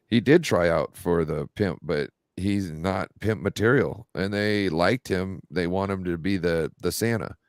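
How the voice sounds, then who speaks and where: A man with a low-pitched voice co-hosts a laid-back sports podcast, spinning rambling, animated stories packed with fillers. The recording is dry, with clean studio sound.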